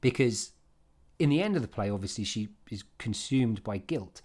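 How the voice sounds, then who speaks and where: Man, chatty revision lesson, emphatic, quick restarts. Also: fairly low pitch, lively intonation, a little mellow, slightly rough. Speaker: English literature teacher. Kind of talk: informal exam-revision lesson.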